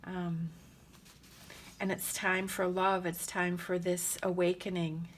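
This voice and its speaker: A woman giving a casual tarot reading in a gentle, rambling and emotional way, with many pauses and fillers. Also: lowish voice, level tone, a little hiss or hum. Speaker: tarot reader.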